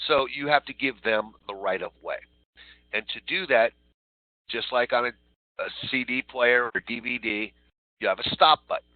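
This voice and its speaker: A man's voice: medium pitch, moderate pace, no room sound. A man giving a step-by-step training talk to call center agents, often checking in with "all right". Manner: repeats "all right" and "so" while walking through steps. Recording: tinny phone-like recording.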